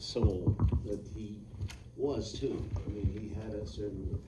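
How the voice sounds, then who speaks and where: A film director talking at a live Q&A in a cinema, halting and full of fillers and restarts. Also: male voice, lowish voice, steady tone, far from the mic, noisy background. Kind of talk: on-stage Q&A.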